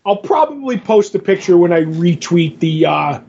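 High, husky man rambling through a comic recap. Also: very animated, normal speed, a little mellow. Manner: rambling retelling with many fillers and quoted dialogue. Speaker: podcast host. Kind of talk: casual comic book recap. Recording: dull lo-fi podcast audio.

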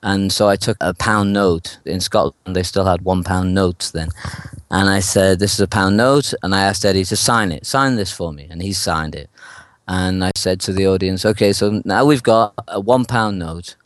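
Interviewed in a studio-quality recording with no room sound, a street performer tells an animated anecdote, doing the voices of the people involved and laughing often. He speaks at a moderate pace in a deep voice.

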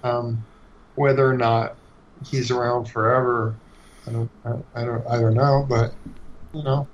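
Man, comic creator, loose halting chat; dull low-fi recording. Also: slight background noise. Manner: relaxed, halting, many restarts and fillers. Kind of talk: casual podcast chat. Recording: dull lo-fi sound.

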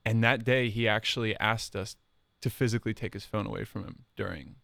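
A man's voice: lowish voice, a little fast, creaky, fairly bright tone, dry recording. Friar guy in youth ministry telling stories, earnest, dry close mic. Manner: storytelling, earnest, repeats phrases for emphasis. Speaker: religious brother in youth ministry. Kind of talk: casual podcast conversation.

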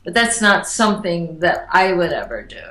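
A woman, an interview guest, telling personal stories in a casual, animated way and acting out the voices of the people she quotes. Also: on the low side, normal speed. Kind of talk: casual storytelling. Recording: echoey room.

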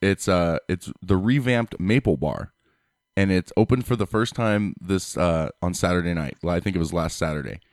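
A man's voice: low-pitched, normal speed, no room sound, studio quality. A man from the United States hosting a podcast, joking around with crude banter. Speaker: podcast host. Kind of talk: casual podcast chat.

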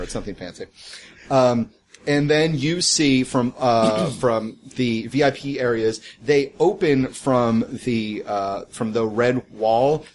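Halting male game master narrating. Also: medium pitch, a little hiss or hum. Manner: rambling, halting, many fillers.

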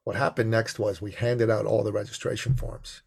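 A middle-aged man telling an expressive, animated story as a podcast guest. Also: normal speed, gravelly, slightly rough. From Persian heritage. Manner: expressive, swings to high excited pitch in quotes. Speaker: podcast guest, business coach.

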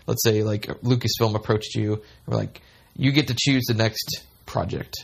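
Husky-voiced man hosting a podcast. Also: on the low side, fairly even intonation, normal speed. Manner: joking, laughs often. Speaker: podcast host. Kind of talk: casual chat.

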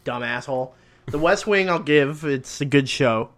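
A man's voice: fairly high pitch, moderate pace, a bit bright. A man co-hosting a casual chat about movie news, swearing a lot and ranting. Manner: profane, ranting, mocking voices. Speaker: podcast co-host.

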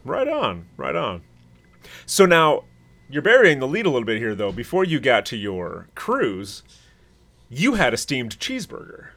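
A man co-hosting a podcast, chatting casually and explaining things in an animated way. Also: medium pitch, measured pace, gravelly. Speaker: podcast co-host. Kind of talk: casual chat.

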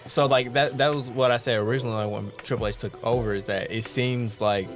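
Guy on a chill podcast, mid pitch, talks things through slow and careful, lotta "like", bit of music under it. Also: fairly even intonation. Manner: long measured explanations with many "like" fillers. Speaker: podcast co-host. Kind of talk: casual wrestling chat.

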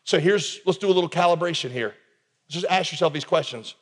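A man preaching as a pastor, emphatic and conversational, swinging between quiet intensity and raised urgency. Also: a little high, a little fast. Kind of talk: recorded sermon. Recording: long reverb of a large hall.

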